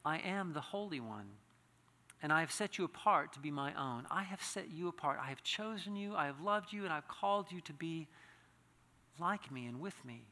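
In a church hall with long reverb, a pastor delivers a sermon in a high, bright voice at normal speed. He is animated and earnest, rising into impassioned pleading and frequently restarting phrases, while a lingering echo trails his words.

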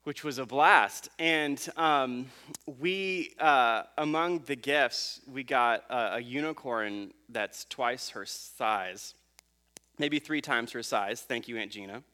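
A pastor in his thirties, mid-range in voice, speaks slowly as he recounts a family story in his sermon, conversational and relaxed, with fillers and restarts along the way.

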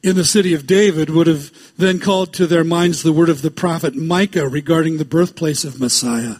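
A man preaching a sermon as a pastor, reading scripture aloud with slow, stressed phrasing and breaking off into quick asides. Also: a little high, a little mellow.

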